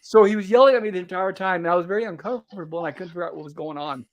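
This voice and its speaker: A man's voice: high-pitched, very fast, a little hiss or hum. A man hosting a casual livestream chat, telling a rambling story and repeating "I said" as he recounts a conversation. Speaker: host.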